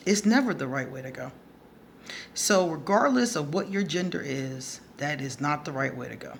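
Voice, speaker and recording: Over a little hiss or hum, a low-voiced woman answers a subscriber's question as an advice vlogger. Her casual monologue is a story told bluntly and with profanity, broken up by frequent laughter.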